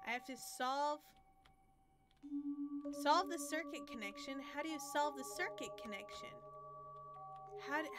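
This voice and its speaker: A high, very expressive female voice, her pitch swooping up and down as she narrates her own panic in a horror game. She talks in an unhurried way, with music playing behind her. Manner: flustered, panicky self-talk, swinging from whispers to shrieks. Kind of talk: live game commentary.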